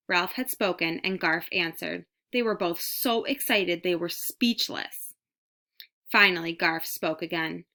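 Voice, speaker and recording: A woman narrating a children's storybook aloud, reading clearly at an even pace. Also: lowish voice, moderate pace. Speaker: audiobook reader.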